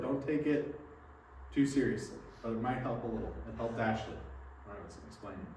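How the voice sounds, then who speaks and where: A male pastor with a medium-pitched, slightly mellow voice speaks fairly quickly as he preaches in a church sanctuary. He lays out his points earnestly, using rhetorical questions, and a distant mic picks up the hall's echo.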